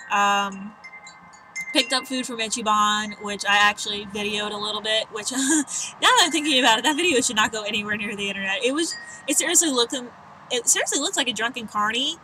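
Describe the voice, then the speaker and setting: A woman's voice: mid-range voice, sharp tone, a little hiss or hum, rough recording. A young woman vlogging in casual chat on an outdoor balcony, rambling and self-mocking with lots of fillers.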